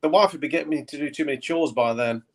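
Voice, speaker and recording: A man's voice: fairly high pitch, background noise. A man chatting as co-host on a live stream. He teases the others and jokes along with them. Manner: jokey, quick to tease and laugh along. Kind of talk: casual chat.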